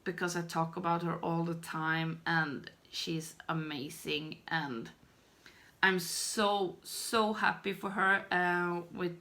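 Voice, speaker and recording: A Swedish beauty YouTuber in her thirties, whose first language is Swedish, chats to the camera in a rambling, self-deprecating, giggly way. She speaks slowly in a lowish, bright, forceful voice with fairly even intonation.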